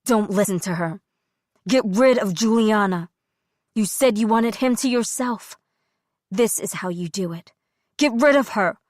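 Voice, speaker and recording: A woman's voice: mid-range voice, unhurried, pauses often, no room sound, studio quality, natural voice. A woman narrator voicing a menacing, manipulative female alter ego in an audiobook, with an urgent, venomous delivery. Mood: scheming. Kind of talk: audiobook character voice.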